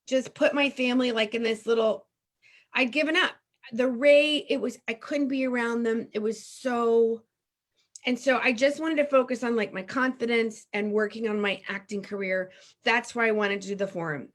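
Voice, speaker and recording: A middle-aged woman from Texas, a guest telling a personal story in an emotional, animated and candid way. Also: on the high side.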